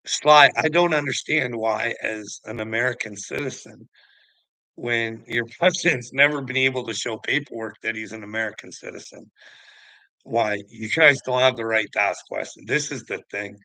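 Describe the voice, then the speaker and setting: A man's voice: medium pitch, normal speed, sharp tone, no room sound, poor audio. A man ranting casually, swearing often and rambling between thoughts. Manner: profane, rambling, laughs often. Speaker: host.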